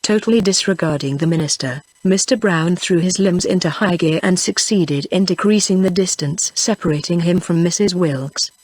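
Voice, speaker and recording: A woman's voice: on the low side, normal speed, few pauses, a little mellow, slightly rough, no room sound, poor audio. British-accented synthetic woman narrator. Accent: British English. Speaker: audiobook narrator.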